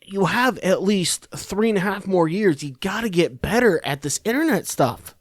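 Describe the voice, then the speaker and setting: A man's voice: high voice, animated, moderate pace, no room sound, clean studio sound. A man hosting a podcast, giving rambling, sarcastic political commentary full of swearing and restarts. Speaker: podcast host.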